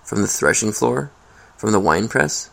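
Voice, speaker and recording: A man's voice: on the low side, expressive, moderate pace, vocal fry. A man reading aloud the lines of a helpless, troubled king in a scripture reading.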